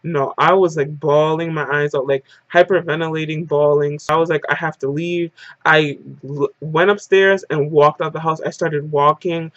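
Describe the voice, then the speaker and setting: A woman's voice: low-pitched, steady tone, moderate pace, no echo, muffled recording. A woman vlogger telling a casual story-time monologue, rambling and dramatic, with "like" in nearly every phrase. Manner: dramatic retelling.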